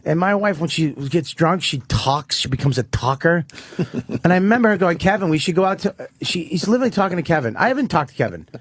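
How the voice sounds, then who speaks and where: A man's voice: fairly high pitch, very animated, fast talker, no room sound. A man, a comedian, telling a profane ranting story in casual radio talk. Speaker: comedian guest.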